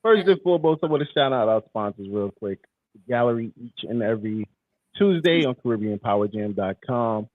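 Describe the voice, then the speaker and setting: A man hosting a podcast in casual, teasing, slangy talk, also reading sponsor shout-outs. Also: medium pitch. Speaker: podcast host. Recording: dry, phone-like thin sound.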